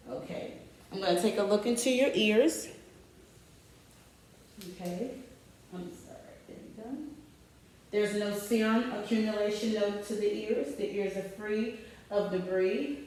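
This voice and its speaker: A woman, a nursing student, calmly demonstrating a physical assessment, stating findings aloud and giving the patient simple instructions. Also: medium pitch. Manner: methodical, calm, narrating findings aloud while instructing the patient. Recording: very echoey room, picked up from a distant mic.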